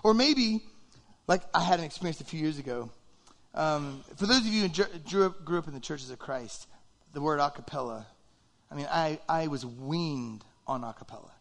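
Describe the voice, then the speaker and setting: A pastor giving a conversational, animated sermon, acting out little quoted reactions. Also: male voice, a little high, moderate pace, creaky.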